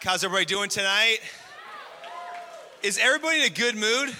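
Joking, bright-voiced man preaching in a hall. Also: high-pitched, lively intonation, fairly quick, soft background music. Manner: joking, asks audience questions. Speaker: preacher at a community gathering. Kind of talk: lively sermon with crowd interaction. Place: large hall with live audience. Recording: long hall reverb.

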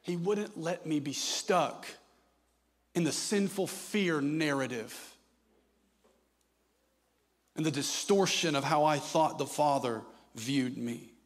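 Male preacher, slightly high voice, slow, dramatic sermon delivery with hushed and impassioned swings.

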